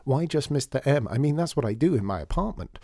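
A gushing young woman fashion student, as a male narrator puts her on, rambling and chatty in a lively voice. She sits higher than the reader's own tone and sounds mellow, in a dry, close recording. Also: fast, gravelly, no room sound. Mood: eager. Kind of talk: audiobook character voice.

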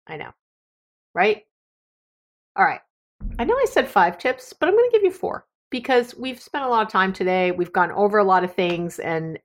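Brief: middle-aged woman, solo podcast host, lively and talkative, swoops high when she gets emphatic. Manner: chatty, animated, laughs often, acts out quoted voices. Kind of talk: solo podcast advice talk.

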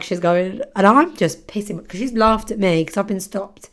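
A woman's voice: medium pitch, normal speed. A young woman hosting a podcast, chatty and giggly, telling a story with casual swearing. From London, England. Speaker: podcast host.

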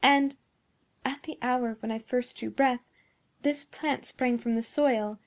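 A sweet, innocent young woman, as a woman narrator puts her on, speaking softly and simply. Her voice sits fairly high, and it is read aloud like a storybook. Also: fairly even intonation, takes it slowly. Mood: earnest. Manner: soft and simple.

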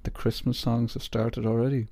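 A man's voice: medium pitch, flat delivery, normal speed, dark tone, no room sound, clean studio sound. A man hosting his podcast in a rambling, self-mocking casual chat. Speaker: podcast host.

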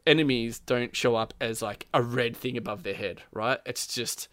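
A man's voice: mid-range voice, steady tone, moderate pace, a bit bright, no room sound. A man telling a gaming story in casual chat, rambling with lots of "like" and frequent laughs. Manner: rambling, says "like" constantly, laughs often, acts out quotes.

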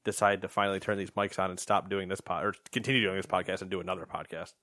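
A man's voice: sits low, fairly even intonation, fast talker, bright, forceful tone, dry recording, studio quality. A man co-hosting a podcast, joking around in casual chat and laughing often. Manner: joking, laughs often, trails off mid-sentence. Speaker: podcast co-host.

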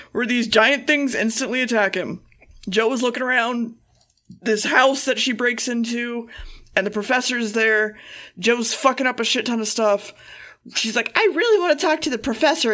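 A woman with a slightly high, somewhat bright voice co-hosts a podcast. She recaps an episode in a casual, rambling, profane way, acting out the quotes as she goes.

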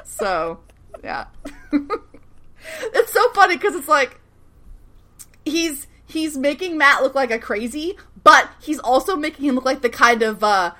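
A woman co-hosting a podcast, recapping a TV show in casual chat, animated and laughing, acting out characters' lines. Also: high-pitched, a little slow, pauses often.

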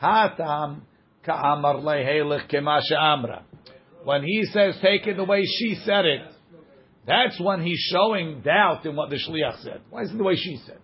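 A man's voice: on the high side, a little slow, dull audio. A man teaching a daily page of Talmud, reading the passage aloud and explaining it line by line.

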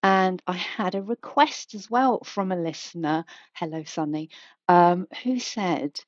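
A woman's voice: lowish voice, measured pace, dry recording. A woman, chatting frankly and rambling on her solo podcast. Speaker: podcast host. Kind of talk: casual solo podcast chat. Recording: dry, slightly dull home mic.

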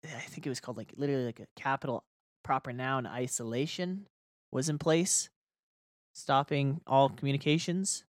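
A man's voice: mid-range voice, fairly even intonation, moderate pace, no room sound, clean studio sound. A man playing in a tabletop game, rambling through his explanations with lots of fillers and laughter. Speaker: player. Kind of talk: casual tabletop play.

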